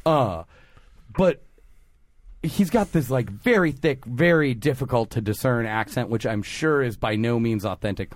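A man co-hosting a casual chat, rambling and halting with frequent laughs. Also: mid-range voice, expressive, dry recording. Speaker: podcast co-host.

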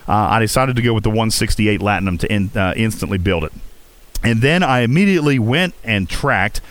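A man from West Virginia with a faint Appalachian accent, hosting a casual gaming livestream, chatty and reading chat aloud. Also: brisk. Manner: chatty, reads chat aloud, lively jumps in pitch. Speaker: livestream host.

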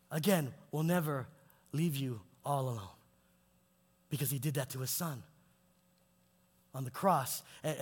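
A male pastor preaching in a church, his delivery swinging between soaring emphatic peaks and hushed low lines. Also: slightly rough. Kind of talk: sermon with altar call. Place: church sanctuary. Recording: long hall reverb with faint music.

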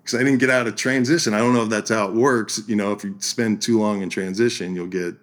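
A man with a fairly low voice, a podcast guest telling a story in a casual, animated way. He keeps laughing as he talks. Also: quick pace. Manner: animated storyteller, laughs through his lines.

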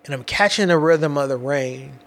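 Man with kids, casual personal storyteller, lively street slang, slightly higher pitch. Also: moderate pace, creaky. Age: adult with children. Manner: animated, slangy, repeats himself and restarts.

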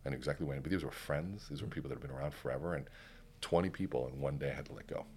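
Very deep-voiced fast-talking man. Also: slight background noise. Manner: animated, acts out quoted dialogue. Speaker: podcast guest, keynote speaker. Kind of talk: storytelling in casual conversation.

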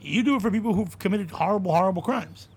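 A male comedian hosts a casual chat and rambles on, profane and quick to laugh. His voice is high for a man and has a husky edge. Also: darkish tone. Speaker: comedian, podcast host.

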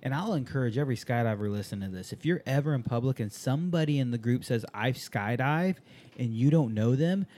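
A man's voice: medium pitch, expressive, fairly quick, darkish tone. A man chatting casually on a podcast, blunt and profane as he hands out advice.

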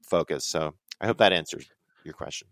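A young man telling rambling, excitable stories on a podcast, his voice leaping up high when he quotes himself. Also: a little fast, creaky, no echo. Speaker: podcast guest. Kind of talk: casual storytelling chat.

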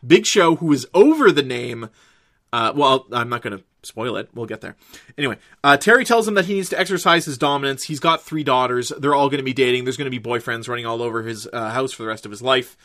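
A man's voice: mid-range voice, quick pace, fairly bright tone, dry recording, clean studio sound. A man recapping wrestling and a TV episode in casual commentary, rambling with lots of filler words and casual swearing. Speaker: wrestling and TV reviewer.

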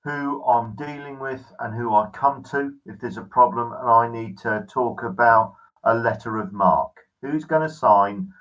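A man voicing a gruff, blunt male pirate captain who talks roughly and drops his words. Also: medium pitch, unhurried, few pauses, recorded from a distance, highs cut off, lightly acted. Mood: firm.

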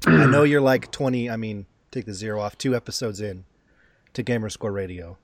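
A man's voice: on the low side, a little fast. A man hosting a podcast in a casual, jokey chat, laughing often. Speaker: podcast host.

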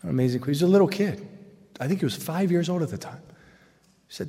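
A man giving a humorous faith talk to a live audience, animated and jokey, with loud excited bursts. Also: fairly high pitch, fairly quick, long pauses. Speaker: Catholic speaker. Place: large hall with audience. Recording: long hall reverb.

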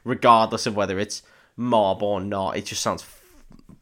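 A man's voice: on the low side, steady tone, unhurried, pushed and bright. A man co-hosting a podcast, reacting in short bursts and throwing in crude jokes. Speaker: podcast co-host. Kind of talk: casual chat.

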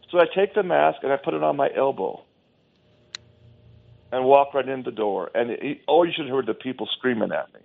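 Gravelly man ranting down a phone line. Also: mid-range voice, moderate pace, long pauses. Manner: emphatic and scornful, with repeated restarts. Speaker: guest on a talk show.

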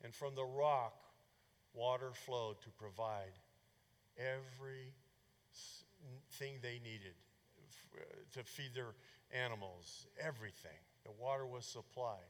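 A male pastor giving a fervent sermon, his voice swinging from loud bursts to hushed asides. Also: mid-range voice, measured pace, long reverb tail.

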